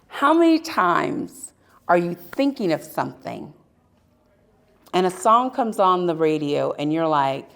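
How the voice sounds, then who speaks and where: Slow, lively woman telling stories live. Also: on the low side, creaky. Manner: animated, emphatic storytelling with dramatic pauses. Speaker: speaker at a spirituality expo. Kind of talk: live storytelling talk to an audience. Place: expo talk in front of a live audience.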